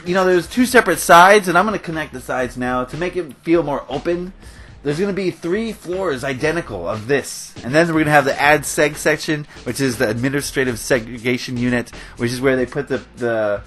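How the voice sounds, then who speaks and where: A man's voice: mid-range voice, fairly bright tone. A man hosting a gaming channel, ranting in casual game commentary and getting worked up, with fillers and nervous laughs.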